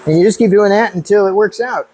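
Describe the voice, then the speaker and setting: A man casually talking through his truck build in a workshop, relaxed and thinking aloud as he works. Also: sits high, quick pace, a little hiss or hum. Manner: relaxed and hands-on, thinking aloud while working. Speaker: car builder and channel host. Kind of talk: casual shop talk explaining a build.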